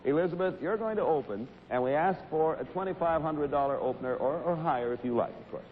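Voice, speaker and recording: A man hosting a live TV game show, briskly rattling off bid numbers like an auctioneer. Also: a little high, a little hiss or hum. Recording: dull lo-fi 1960s broadcast.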